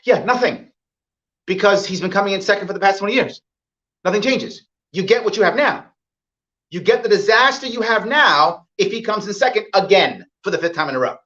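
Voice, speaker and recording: A man delivers a campaign speech, pounding home each point and repeating it for effect. His pitch swings widely, rising high for emphasis and dropping low. The recording is dull and lo-fi. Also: animated, fairly quick, pushed and bright. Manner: emphatic, repeats points, acts out quoted voices. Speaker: political candidate. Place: event hall with live audience.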